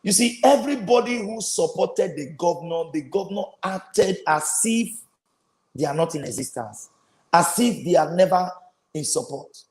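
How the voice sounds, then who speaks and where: A man's voice: high-pitched, lively intonation, moderate pace, darkish tone, roomy sound. A man with a Nigerian accent hosting a live political commentary stream, emphatic and repeating phrases for stress. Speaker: host of a political livestream.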